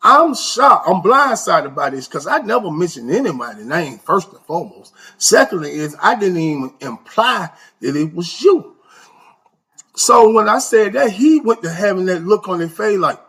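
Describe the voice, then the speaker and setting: A man telling an animated, slang-heavy story in a casual way, his voice leaping up for emphasis. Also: sits high, moderate pace, slightly rough. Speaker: storyteller recounting prison life.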